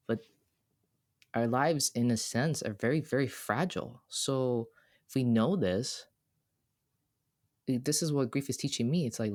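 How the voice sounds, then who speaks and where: A man co-hosting a podcast, talking in an earnest, heartfelt way, often restarting his sentences. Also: medium pitch. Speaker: podcast co-host. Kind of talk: casual reflective podcast talk.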